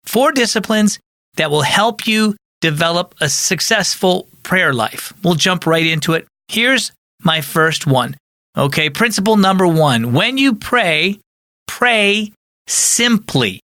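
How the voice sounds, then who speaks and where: A man's voice: high voice, lively intonation, unhurried, bright, forceful tone, no echo, clean studio sound. A man who is a pastor and podcast host, giving an earnest, conversational teaching talk.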